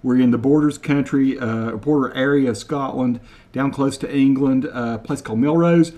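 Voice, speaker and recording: A man from the United States, hosting a casual comedic video to camera, slowly repeating phrases word by word and spelling some out. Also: medium pitch, warm tone. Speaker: video host.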